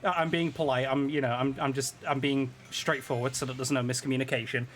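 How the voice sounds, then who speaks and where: A man's voice: mid-range voice, flat delivery, fast, a bit bright, a little hiss or hum. A British man chatting casually while streaming a game, rambling with restarts and laughing at himself. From Britain. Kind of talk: casual gaming chat.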